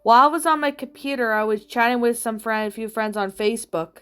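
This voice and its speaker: A woman's voice: fairly high pitch, fairly quick, a bit bright, clean tone. A young woman in her twenties narrating a true personal story in the first person, in a plain, rambling way with long run-on sentences. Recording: faint background music.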